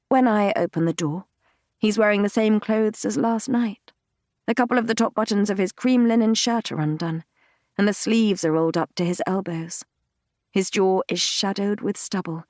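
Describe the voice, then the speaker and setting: A woman with a mid-range voice narrates a fantasy romance audiobook in the first person. Her reading is measured, intimate and unhurried. The close studio recording is completely dry. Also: mid-range voice, a little mellow, dry recording. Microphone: close studio mic, dry.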